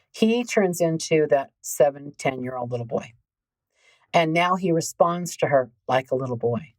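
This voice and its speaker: A woman hosting a podcast as a coach, talking in an animated, emphatic way straight to her listeners. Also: lowish voice, no echo, poor audio. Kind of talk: conversational podcast monologue.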